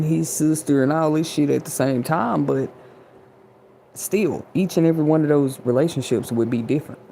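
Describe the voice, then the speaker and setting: A woman hosts an inspirational livestream, speaking directly to her chat audience. Her voice is gravelly, with a dark, mellow tone. Her delivery is casual and preachy. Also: deep voice, a little hiss or hum. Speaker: livestream host.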